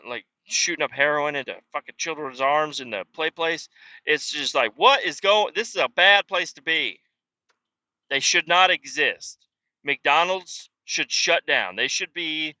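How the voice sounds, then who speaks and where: A man hosting a podcast, ranting casually with lots of swearing and sudden shouted outbursts. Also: fairly high pitch, no echo, dull audio. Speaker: podcast host.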